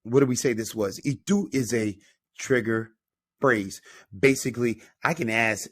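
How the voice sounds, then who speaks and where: A man's voice: medium pitch, no echo, clean studio sound. Upbeat man teaching Spanish phrases. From North Carolina. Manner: upbeat, repeats phrases slowly for learners. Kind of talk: classroom-style language lesson.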